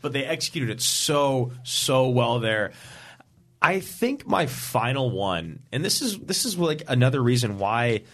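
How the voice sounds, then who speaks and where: Male podcast co-host, casual chat, excitable and gushing. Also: medium pitch, unhurried. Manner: excitable, gushing fan talk.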